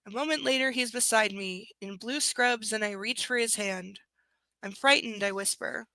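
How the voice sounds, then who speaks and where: A young woman reads a novel aloud with a high, gravelly, bright voice, close and dry. She keeps breaking into snarky, profane asides between the passages. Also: moderate pace, dry recording. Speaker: book reader. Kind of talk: live reading with sarcastic asides.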